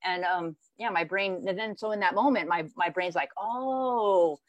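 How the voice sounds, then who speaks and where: A woman's voice: on the low side, a little fast, no room sound. A woman guest in a conversational interview, speaking earnestly, restarting often and acting out her inner voice.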